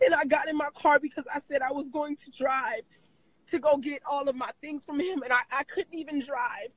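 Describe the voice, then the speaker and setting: High-voiced woman sharing a personal story. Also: steady tone, moderate pace, fairly bright tone, dry recording, rough recording. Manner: emotional, repeats phrases, many fillers. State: crying at times. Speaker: interview guest. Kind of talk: personal testimony in interview.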